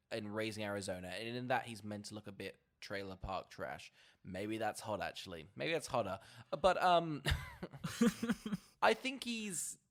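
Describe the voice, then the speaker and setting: A man co-hosting a casual podcast, relaxed and joking, often laughing. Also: fairly low pitch. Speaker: podcast co-host. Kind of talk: casual chat.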